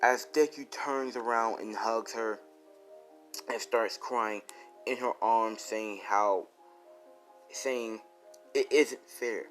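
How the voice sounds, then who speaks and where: Man, fan fiction narrator, rambling, restarts, low-ish voice, faint background music. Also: fairly even intonation, slow, pauses often, a bit bright. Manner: rambling, frequent restarts, casual swearing.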